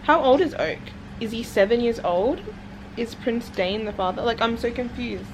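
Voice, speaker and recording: Young woman reading vlog, kinda high voice, gets super excited and gasps a lot, casual chatty. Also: moderate pace, noisy background. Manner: excitable, gasping and exclaiming while reading. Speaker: book vlogger.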